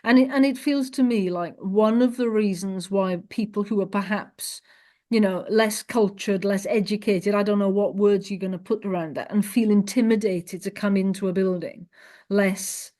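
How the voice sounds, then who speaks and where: A woman's voice: mid-range voice, normal speed, warm tone. A woman hosting a podcast, earnest and thinking aloud in long, searching sentences. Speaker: podcast host. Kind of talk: conversational interview.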